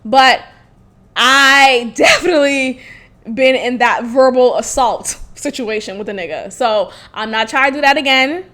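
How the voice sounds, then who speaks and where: A woman's voice: high voice, measured pace, fairly bright tone. A young woman hosting a podcast, telling a candid story in a blunt, profane way and laughing often. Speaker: podcast host.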